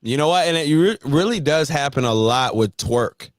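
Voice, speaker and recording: Guy hosting a laid back live chat, lively, laughs a lot, dry sound. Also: a little high, normal speed, dry recording. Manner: animated, laughs often. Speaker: host. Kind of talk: casual livestream chat.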